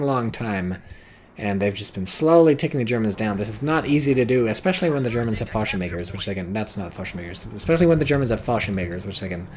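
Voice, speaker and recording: An American man casting a strategy game replay in loose, casual play-by-play. His pitch swings widely as he gets excitable, swearing and yelping at the big plays, with a faint hiss of noise behind him.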